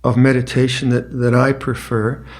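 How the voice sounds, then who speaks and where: Older man giving slow meditation instructions. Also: mid-range voice, level tone, darkish tone. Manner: slow, reflective, with pauses and restarts. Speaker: meditation teacher. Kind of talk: dharma talk with meditation instructions. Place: retreat meditation hall.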